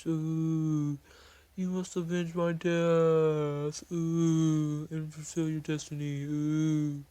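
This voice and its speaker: A man voicing a male ghostly mentor in a vision, moaning slowly and eerily. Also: on the high side, level tone, dark tone, smooth, no echo, pitched above the performer's own voice. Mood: eerie. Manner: slow, moaning, otherworldly.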